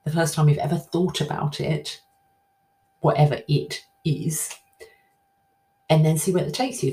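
Low-voiced woman musing aloud. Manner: chatty, self-reflective, animated swings in pitch. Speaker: podcast host. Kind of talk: casual solo podcast talk.

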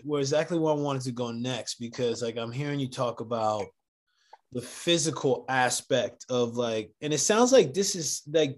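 A man hosts a podcast interview in a middle-pitched voice. He talks loosely and enthusiastically, full of fillers and restarts as he builds toward his questions. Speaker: podcast host.

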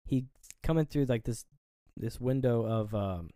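A man's voice: medium pitch, a little slow, mellow, dry recording. Casual male podcast co-host with a dry close mic, meandering and profane, slipping into quoted movie lines. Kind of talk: casual movie review chat.

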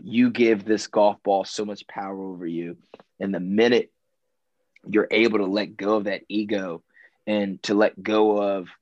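A man's voice: fairly low pitch, no echo, dull audio. A man talking in a laid-back way, who keeps saying "man" and "bro" and repeats himself. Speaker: guest. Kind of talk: casual conversation.

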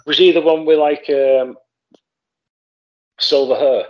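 A man's voice: a little high, steady tone, slow pace, a little mellow. A man hosting a podcast, easygoing and chummy with his guest. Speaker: podcast host. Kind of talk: casual podcast chat. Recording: dull lo-fi sound.

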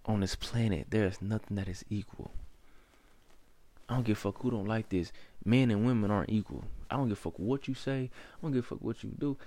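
A man's voice: fairly low pitch, a little fast, dark tone. Blunt, cursing man ranting on a podcast. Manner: lectures the listener directly. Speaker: podcast host. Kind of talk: opinion monologue.

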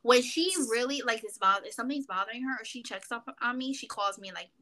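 Bright-voiced woman podcast co-host. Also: on the high side, fairly quick. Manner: animated storyteller, acts out her mother's voice. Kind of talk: casual chat.

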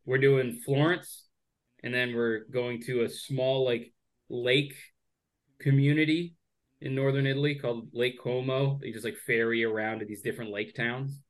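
Deadpan man on a podcast. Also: mid-range voice, moderate pace. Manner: dry, deadpan refusals. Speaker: co-host, comedian. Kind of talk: casual podcast banter. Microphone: remote call.

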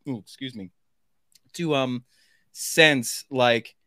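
A man's voice: mid-range voice, slow, bright, forceful tone, no room sound, studio quality. A man talking in a casual podcast chat, rambling with lots of fillers and restarts.

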